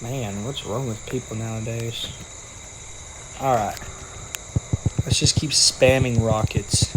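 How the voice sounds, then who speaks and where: A man's voice: mid-range voice, noisy background. A young man giving casual, playful commentary over a video game and joking with the characters on screen. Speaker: gaming video creator.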